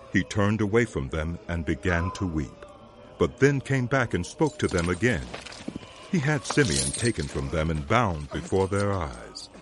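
A man giving scripted narration for an audio drama, telling the story in a measured way. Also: deep voice.

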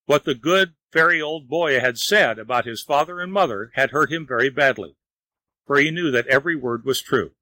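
Bright-voiced man reading a storybook. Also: medium pitch, no room sound, rough recording. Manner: measured, even reading. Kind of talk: storybook narration.

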